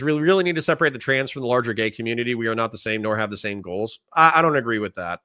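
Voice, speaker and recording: A man hosting a livestream, reading out chat comments and answering them bluntly, with plenty of swearing and quick flare-ups of anger. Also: mid-range voice, sharp tone. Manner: blunt, profane, quick to get heated. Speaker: livestream host.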